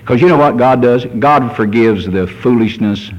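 A man's voice: mid-range voice, normal speed, rough recording. A man in his sixties, a pastor preaching a fervent sermon and reading scripture aloud. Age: 60s.

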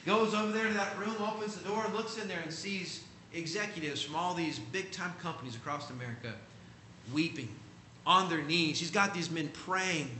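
Male preacher, storytelling sermon, very bright and tense voice, slightly high, emphatic delivery. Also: normal speed, a little hiss or hum. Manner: emphatic, acts out quoted voices.

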